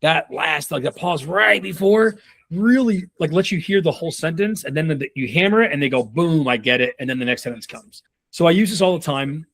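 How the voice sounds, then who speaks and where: A man's voice: a little high, a little fast, creaky, fairly bright tone. A man in his thirties coaching on a call, casual and rambling, with many fillers and restarts. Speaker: sales leadership coach.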